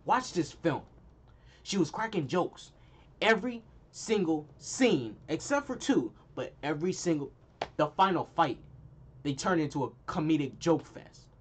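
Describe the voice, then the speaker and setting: A man's voice: fairly high pitch, lively intonation, measured pace, a little hiss or hum. A young man hosting his own channel, giving a heated, slangy movie review full of repeated punchlines. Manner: slangy, heated and emphatic, repeats lines for effect. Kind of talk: casual ranting review.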